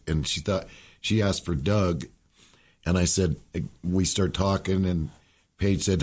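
A man's voice: low voice, fairly even intonation, measured pace, darkish tone. A man as a podcast guest, telling rambling, emotional stories in a folksy, casual way. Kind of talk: casual storytelling chat.

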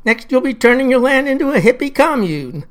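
A woman's voice: high-pitched, sing-song, fairly quick, voice pushed up. A small-town barber, put on by a woman narrator talks in a dry, matter-of-fact way. He sounds plain and unimpressed.

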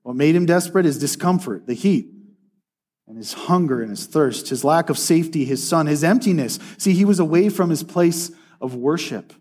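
An earnest man delivers a sermon, his voice sitting a little higher than most men's. He speaks with steady conviction. He slows down to read scripture aloud. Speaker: preacher.

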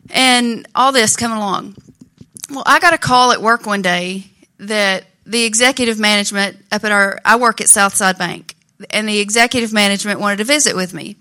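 A woman's voice: fairly high pitch, pushed and bright. A middle-aged woman giving an earnest, heartfelt personal testimony to her church congregation. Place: church sanctuary.

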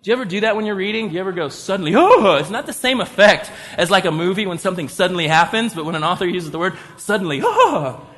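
A man preaching a sermon in an animated way, acting out the people in his story. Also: high-pitched, racing, few pauses. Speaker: pastor. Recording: long hall reverb.

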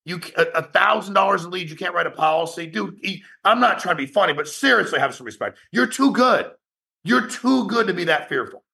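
A man who founded a company, giving a blunt, profane motivational talk to his sales agents in an online meeting, rapid-fire and challenging. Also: high voice, animated, gravelly, bright, forceful tone.

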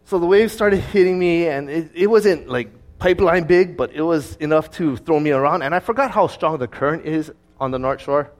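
A man preaching as a pastor, telling a personal story in a conversational, lively way. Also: fairly high pitch, normal speed, hardly any pauses. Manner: conversational storytelling, with fillers and restarts; lively, acting out his own past words.

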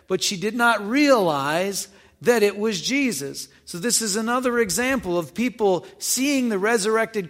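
A male preacher works through a Gospel passage, reading each verse and then breaking it down in plain, conversational terms. He poses questions to his listeners as he goes. His voice is fairly high for a man, and it carries into a long, ringing reverb, as if from a church hall. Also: a bit bright. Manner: reads verses then explains them conversationally, asking questions. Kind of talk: Bible teaching, reading scripture with commentary.

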